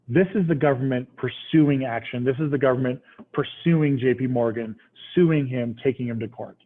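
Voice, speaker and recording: A man teaching a history class in a casual, conversational way, often checking in with the students. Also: mid-range voice. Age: adult, past military service. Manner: conversational, checks understanding with "right?". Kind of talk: classroom lecture. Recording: tinny phone-like recording.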